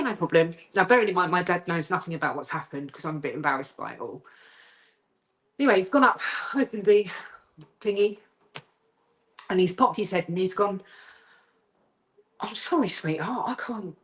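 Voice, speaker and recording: A woman guest telling a haunting story on a video call, acting out the voices she quotes and going high and tense as the fright builds. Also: fairly quick, long pauses. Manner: lively storyteller who acts out quoted voices, rising high when frightened. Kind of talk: animated storytelling interview.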